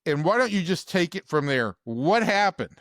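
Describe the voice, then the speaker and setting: A man co-hosting a sports podcast, talking in a measured, reflective way. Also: high voice, sing-song, a bit bright, dry recording, clean studio sound. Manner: measured, reflective, repeats words as he thinks. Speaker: podcast co-host, sports reporter. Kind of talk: casual sports chat.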